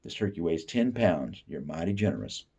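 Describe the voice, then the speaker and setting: A man's voice: deep voice, very animated, moderate pace, darkish tone, breathy edge, full character voice. A man reading aloud voices an earnest, proud country boy who is curt with strangers.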